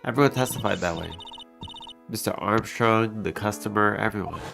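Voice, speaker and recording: A cheerful young waitress who shrugs off her bad luck, read aloud by a man in his own low, gravelly voice. She sounds upbeat in a game dialogue reading, with quiet music running underneath. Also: normal speed. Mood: earnest. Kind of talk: let's play dialogue reading.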